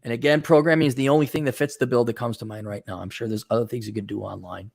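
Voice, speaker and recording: A middle-aged man hosting a show, giving blunt, profane, lively advice in an unscripted monologue. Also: medium pitch, fast talker, vocal fry.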